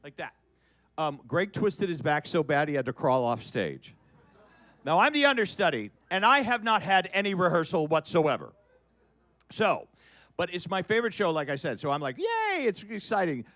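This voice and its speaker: A middle-aged man telling a comic story on a cabaret stage, animated and building to loud shouts. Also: a little high, moderate pace, no echo. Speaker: guest performer.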